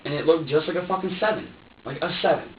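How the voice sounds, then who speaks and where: A suspect being questioned, his voice a little high and his pace fast, works through a long, meandering story, cursing freely, tripping over restarts, and speaking his past thoughts aloud. He sits well back from the mic in a bare interrogation room, so he comes across distant, reverberant, and muffled, with faint background noise.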